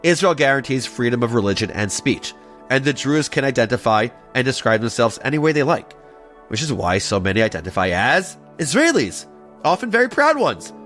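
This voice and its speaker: Guy hosting a history podcast, super animated, jokey, faint music in the back. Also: medium pitch, brisk. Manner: playful, animated, jokey asides. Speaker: podcast host. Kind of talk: scripted history explainer.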